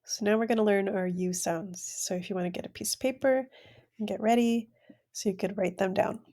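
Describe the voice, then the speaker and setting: A woman teaching an online language class, pronouncing each word slowly and repeating it for learners. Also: medium pitch, steady tone, mellow. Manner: slow, careful word-by-word pronunciation, repeating each word.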